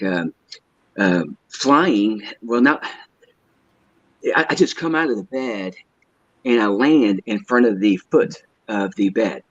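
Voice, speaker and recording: A man with a low voice tells a personal story as a guest. He speaks haltingly and keeps restarting and repeating his words. The sound is dry and dull, like a lo-fi line. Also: no echo. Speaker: guest caller.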